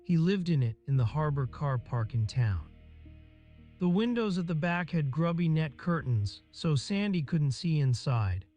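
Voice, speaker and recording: A man narrating a crime novel in a measured, even storytelling voice. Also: on the high side, faint music behind. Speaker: audiobook narrator.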